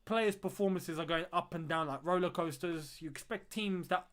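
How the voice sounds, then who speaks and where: Young man, high voice, live-stream host, casual chat, reads viewer comments, repeats phrases. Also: normal speed, fairly bright tone. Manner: chatty, thanks viewers and reads out their comments. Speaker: fan channel host.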